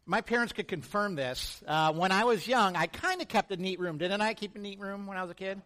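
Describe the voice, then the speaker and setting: A male pastor giving a sermon in a church, relaxed and conversational, joking with the congregation and asking them questions. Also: high voice, a little fast.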